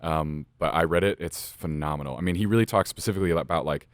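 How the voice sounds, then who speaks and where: Fast-talking deep-voiced male host. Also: no room sound, studio quality. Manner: chatty, enthusiastic, talks at length. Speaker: podcast host. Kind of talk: casual interview chat.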